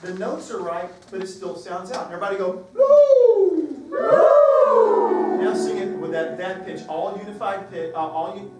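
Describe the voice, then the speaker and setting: A man's voice: sits high, fairly even intonation, a little fast, few pauses, loud music behind the voice. A man leading a choir workshop, coaching singers in an upbeat, joking way. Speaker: choral workshop clinician. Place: large reverberant hall with piano. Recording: echoey hall recorded from far off.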